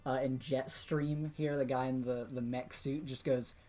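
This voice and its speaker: A man's voice: mid-range voice, level tone, measured pace, warm tone, faint music behind. A man narrating as game master of a tabletop role-playing game, chatty, with frequent fillers, restarts and laughs.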